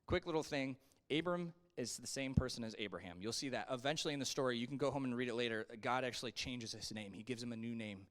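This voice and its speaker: A man leading a relaxed Sunday school class in an easygoing, conversational voice of middling pitch. He keeps it animated, leaping up and down in pitch when he acts out a line and slipping in little asides to his listeners. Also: fast. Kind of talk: casual Bible lesson.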